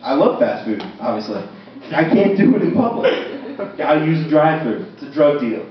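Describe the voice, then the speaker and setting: A man's voice: fairly high pitch, big pitch swings, a little fast. Young man doing self-deprecating stand-up. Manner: self-deprecating, conversational with frequent ums. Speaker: stand-up comedian. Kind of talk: stand-up comedy set. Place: comedy stage at a university. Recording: roomy, distant, dull, audience laughter. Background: audience laughter.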